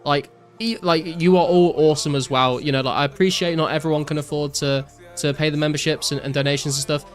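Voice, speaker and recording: A young British man streaming a game, chatting loosely, gushing thanks to his viewers and dropping swear words constantly. His voice sits a bit high for a man, with faint music playing under him. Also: fast talker. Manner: excitable, swears a lot, thanks donors profusely. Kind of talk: casual live-stream chat.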